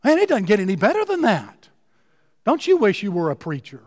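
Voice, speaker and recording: A man preaches a sermon in a high voice, leaning hard on his key words and drawing them out slowly. His voice rings with the long reverb of a large hall. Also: huge pitch swings, darkish tone. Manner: emphatic, slows and stretches key words. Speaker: pastor.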